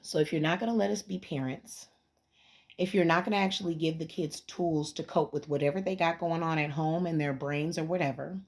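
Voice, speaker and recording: A woman's voice: low-pitched, fairly even intonation, brisk. Heated, emphatic woman ranting. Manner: heated, emphatic, rising to near shouting. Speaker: parent. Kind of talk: impassioned rant to camera.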